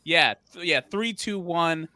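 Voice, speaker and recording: Bright-voiced man hosting a podcast. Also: fairly high pitch, unhurried, dry recording. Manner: laughing, loose, swearing freely. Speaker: podcast host. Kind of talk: casual movie reaction chat.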